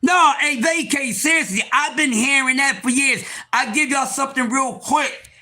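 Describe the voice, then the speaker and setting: Man, very high cartoonish voice, bright, loud and preachy, livestream host. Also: normal speed. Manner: loud, preachy, often shouting. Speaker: live stream host. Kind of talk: animated livestream talk.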